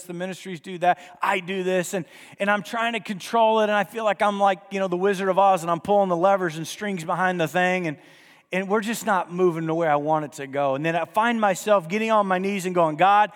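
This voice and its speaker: A male pastor preaching a sermon in a church, emphatic and full of rhetorical questions to the congregation. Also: high-pitched. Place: church sanctuary. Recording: long church reverb.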